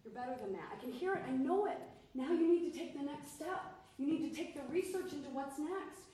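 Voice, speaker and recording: Woman vocal coach, high and playful, teasing but encouraging; echoey room, mic far off. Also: lively intonation, brisk, warm tone. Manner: breaks into sung demonstrations. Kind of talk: coaching a singer.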